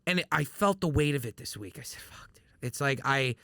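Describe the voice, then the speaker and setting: A man's voice: mid-range voice, expressive, a little fast, pushed and bright, no room sound, clean studio sound. A man from New York, talking as a guest in a casual podcast chat, rambling with lots of swearing and restarts. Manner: rambling, profane, many restarts.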